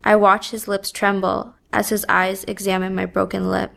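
Woman reading her story out slow and flat, bit of fry in the voice. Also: mid-range voice. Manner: slow, even, subdued delivery. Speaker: narrator. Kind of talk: first-person story reading.

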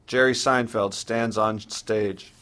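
A man reads a personal story aloud in a measured, sombre present tense. His voice sits fairly low and he takes his time over every phrase. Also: steady tone, fairly bright tone. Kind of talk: first-person story reading.

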